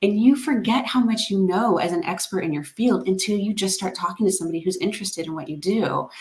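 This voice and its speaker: A woman talking as an interview guest, upbeat and encouraging, laughing often, heard over a video call. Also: lowish voice. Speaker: guest, content coach. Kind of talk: casual interview chat.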